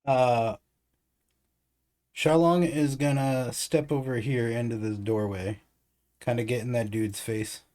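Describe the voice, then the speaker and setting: A man's voice: medium pitch, steady tone, slow pace, long pauses, a little mellow. A man playing in a tabletop game, thinking aloud with many hesitations and restarts, upbeat. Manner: hesitant, filler-heavy, upbeat. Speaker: player.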